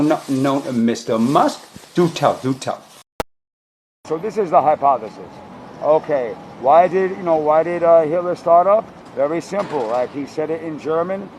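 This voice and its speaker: Gravelly slangy man ranting outdoors. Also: a little high, normal speed, a little mellow, slight background noise. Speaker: comedic host. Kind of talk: improvised comedic rant.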